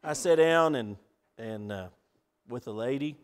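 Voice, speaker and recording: A man's voice: medium pitch, measured pace. Earnest preacher man. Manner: earnest, rising to emphatic appeals, drops to soft pleas. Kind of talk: sermon.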